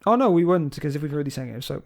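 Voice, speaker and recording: A man's voice: a little high, expressive, rapid-fire, darkish tone. Chatty guy cohosting a pod, keeps bursting into song, bouncy voice. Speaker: podcast co-host. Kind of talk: casual chat with singing bits.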